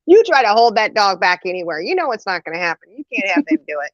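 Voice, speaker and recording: A woman's voice: mid-range voice, sing-song, fast, dry recording, lightly acted. A woman quoting her mother scolding her husband, in a dull lo-fi recording. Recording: dull lo-fi audio.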